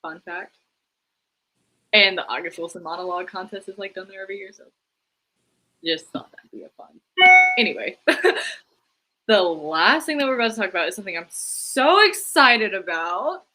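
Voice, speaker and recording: A young woman co-hosting a live stream, chatting casually about theater news, full of "like" and quick laughs. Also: mid-range voice, expressive, sharp tone, slight background noise, poor audio. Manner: chatty, lots of "like", laughs easily. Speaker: co-host.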